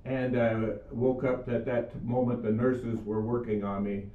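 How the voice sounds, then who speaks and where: A man's voice: medium pitch, flat delivery, measured pace. Older guy preaching earnestly, roomy far-off sound. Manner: earnest storytelling with scripture. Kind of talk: video sermon. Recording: echoey room, far mic, phone-like sound.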